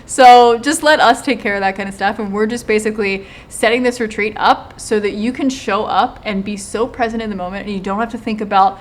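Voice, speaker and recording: A woman in casual conversation, chatty and animated, describing the retreat she hosts. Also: mid-range voice, a little fast, hardly any pauses. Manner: chatty, animated when quoting others. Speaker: retreat host and channel co-host. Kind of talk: casual chat. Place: lives in Hawaii.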